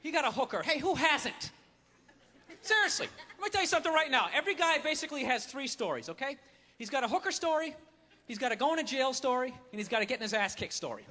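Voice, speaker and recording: A man doing a stand-up routine on stage, ranting loudly with mock outrage. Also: very high voice, sing-song, fast, big-room sound, noisy background. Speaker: stand-up comedian. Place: comedy stage.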